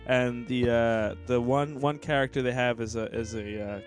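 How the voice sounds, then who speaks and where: A man co-hosting a casual comedy podcast, rambling through stories, getting loud and cursing. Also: medium pitch, normal speed, faint music behind. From United States. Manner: animated, swears, rambling storyteller. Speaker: podcast co-host.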